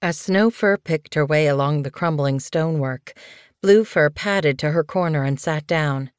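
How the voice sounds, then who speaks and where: A woman narrating an animal story audiobook in a clear, measured, scripted reading. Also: sits low, no echo, studio quality.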